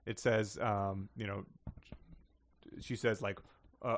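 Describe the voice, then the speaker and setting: A man's voice: lowish voice, fairly even intonation, measured pace, long pauses, dry recording. A man co-hosting a comedy podcast, mocking a book with wry asides and laughs as he reads passages aloud. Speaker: podcast co-host.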